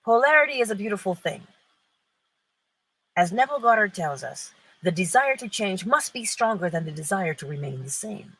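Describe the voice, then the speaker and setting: Husky, lively-voiced woman giving inspirational talk. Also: medium pitch, normal speed, low-quality recording. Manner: emphatic, asks rhetorical questions and answers them. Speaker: host.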